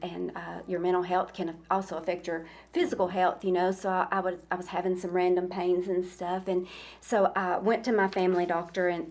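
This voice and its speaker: A woman's voice: on the low side, a little mellow. A woman, a school principal, talks with a podcast host in a casual interview, often stumbling and repeating her words as she begins. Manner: halting, repeats words when starting sentences.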